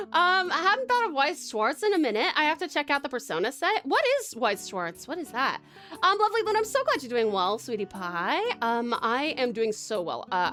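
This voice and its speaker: Giggly woman streamer. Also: high-pitched. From Australia. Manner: giggly, excitable, swears, chats to viewers. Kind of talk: casual live-stream chat.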